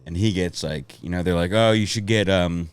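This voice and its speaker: A man's voice: low-pitched, normal speed, clean tone, dry recording. A man telling rambling, profane stories in a casual podcast chat, laughing as he goes. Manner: rambling storytelling, laughs often, swears. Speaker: comedian guest.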